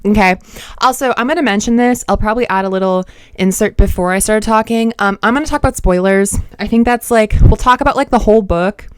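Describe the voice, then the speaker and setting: A woman's voice: mid-range voice, brisk, smooth, dry recording, studio quality. A woman hosting her own channel, giving a casual, rambling book review full of "like" fillers and talking straight to viewers. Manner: chatty, talks straight to viewers.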